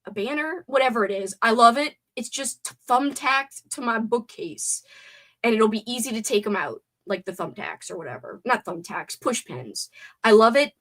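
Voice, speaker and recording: A woman's voice: on the high side, animated, moderate pace, fairly bright tone. A young woman hosting a casual livestream from a room at home, chatting playfully and answering her viewers' messages aloud. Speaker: livestream host. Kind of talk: casual live chat with viewers.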